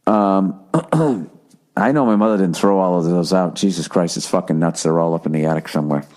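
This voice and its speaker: A man's voice: deep voice, normal speed, a little mellow. Profane rambling man hosting a podcast. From United States. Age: 40s. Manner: profane rambling rants with mocking put-on voices. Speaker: podcast host. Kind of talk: solo podcast monologue.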